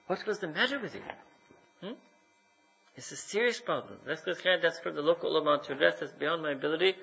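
A man's voice: a little high, creaky, sharp tone, husky. A man preaching a sermon as a mufti, scolding his listeners with rhetorical questions and frequent "hmm?". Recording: dull lo-fi recording.

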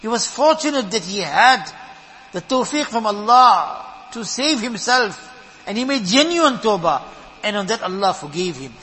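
A man's voice: high-pitched, expressive, normal speed, bright, forceful tone, big-room sound, slight background noise, low-quality recording. A man giving a sermon, earnest and emphatic, who often repeats words as he builds a point. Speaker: preacher.

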